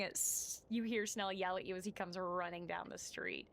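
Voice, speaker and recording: A woman's voice: on the low side, steady tone, moderate pace, creaky, fairly bright tone. A woman streaming a game live, chatting casually and reading game text aloud, swearing and joking about herself. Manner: chatty, self-mocking, swearing.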